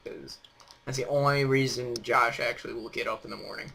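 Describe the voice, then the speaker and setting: A man's voice: mid-range voice, steady tone, a little fast, creaky, pushed and bright, slightly rough. A young man hosting a casual chat on a voice call, rambling and teasing with lots of fillers. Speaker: host.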